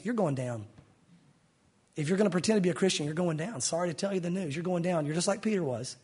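A man preaching a sermon in an animated way, acting out biblical dialogue in different voices. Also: high voice, fast, breathy edge. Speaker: pastor.

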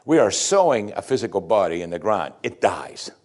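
A man delivers a sermon in a plain, folksy manner, packed with rhetorical questions. His sing-song delivery moves at normal speed, swinging between loud, emphatic bursts and low, quiet asides.

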